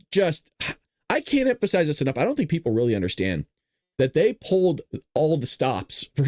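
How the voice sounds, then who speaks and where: In a dry, studio-quality recording, a man runs a laid-back political commentary show full of jokes and laughter. He's animated throughout and often lapses into silly, high voices.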